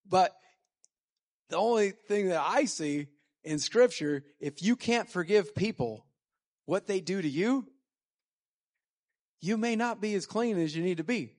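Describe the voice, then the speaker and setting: A man with a fairly high voice reading scripture aloud and explaining it in a casual, conversational way. He talks informally between the verses, like a Bible teacher working through a passage. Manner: conversational, with fillers and restarts.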